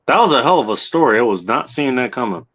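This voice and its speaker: A man's voice: medium pitch, lively intonation, quick pace, fairly bright tone, lo-fi sound. A man hosting a casual livestream, swearing and reacting sardonically. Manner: profane, sardonic. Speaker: streamer host.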